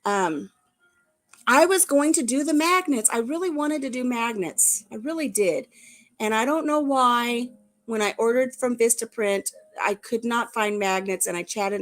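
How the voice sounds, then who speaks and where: A woman's voice: fairly high pitch, measured pace, soft background music. An older woman hosting a casual live-stream chat, chatty and laughing easily at herself. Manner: chatty, laughing, self-deprecating. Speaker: vlog host.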